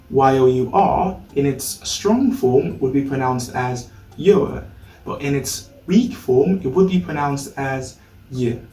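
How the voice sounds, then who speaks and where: Slow British man teaching, echoey room. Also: medium pitch, darkish tone, far from the mic. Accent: British English. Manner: slow, careful, repeats words for the learner. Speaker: pronunciation teacher. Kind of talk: scripted lesson.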